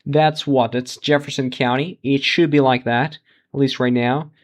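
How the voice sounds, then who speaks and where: A man's voice: mid-range voice, steady tone, moderate pace. A man hosting a live election results stream, thinking aloud as vote counts come in, often restarting sentences and laughing at surprises. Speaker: election livestream host.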